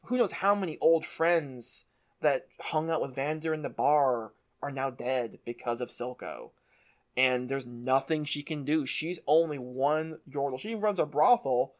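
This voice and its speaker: A podcast co-host casually recapping a show, retelling scenes with enthusiasm. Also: mid-range voice. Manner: enthusiastic retelling with quoted voices.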